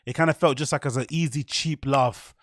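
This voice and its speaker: A man's voice: mid-range voice, steady tone, fairly quick, dry recording, clean studio sound. A British man hosting a livestream reaction show, talking bluntly and rambling, with frequent swearing. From United Kingdom. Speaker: livestream host.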